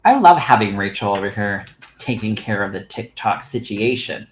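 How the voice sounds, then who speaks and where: A lowish-voiced man at a moderate pace runs a livestream card reading as a psychic medium, animated and affectionate as he calls viewers "my love." The sound is reverberant and poor, with slight background noise.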